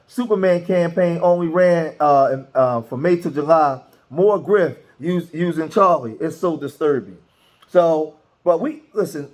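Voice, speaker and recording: A man hosting political commentary, talking loosely with many restarts and reading posts aloud. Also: on the high side. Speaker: commentary host.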